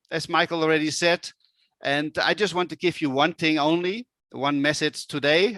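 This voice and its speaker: Man presenting with a bright, ringing voice, dry and close; emphatic motivational talk. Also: a little high, dry recording. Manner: emphatic, repeats "okay?" for effect. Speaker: business presenter.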